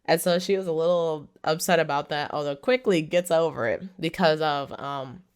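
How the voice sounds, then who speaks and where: A woman's voice: sits low, moderate pace, smooth. A woman casually recapping a movie's plot, talking in a chatty way with lots of "like". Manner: chatty, heavy use of "like", laughs while retelling. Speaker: movie reviewer.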